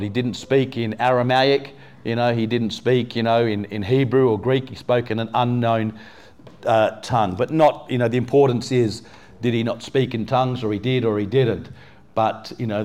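A man's voice: medium pitch, darkish tone. A man from England preaching a sermon to a congregation in a church, talking casually with lots of "you know" and questions to the people in front of him. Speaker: pastor.

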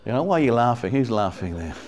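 A man from England preaches to a church congregation in a casual way, saying "you know" a lot and asking the people in front of him questions. His mid-range voice is sing-song, a little mellow, and quick.

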